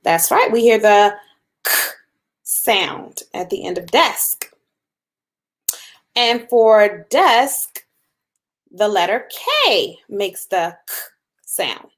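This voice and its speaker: A woman teaching a phonics lesson to young children, patient and encouraging, sounding out letters slowly. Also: mid-range voice, big pitch swings. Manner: slow, patient, drawn-out sounds with encouraging praise.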